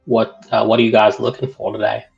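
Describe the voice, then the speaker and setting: A curious male drow elf librarian talks in a breezy put-on Australian accent, as a man acts him out. The voice sits low and gravelly with an unhurried drawl. A dull, lo-fi recording carries faint music behind it. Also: completely flat delivery.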